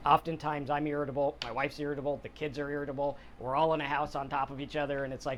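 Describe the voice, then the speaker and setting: Speaking quickly in a fairly high, slightly bright voice with a level tone, a middle-aged man hosts a podcast on mental health and sobriety. He's casual and plain-spoken, voicing other people's quotes, in a motivational chat with a little hiss or hum in the audio.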